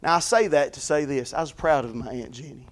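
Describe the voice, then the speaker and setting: A man preaching a fervent sermon, moving between quiet folksy stories and loud repeated calls of blessing. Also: medium pitch, a little fast.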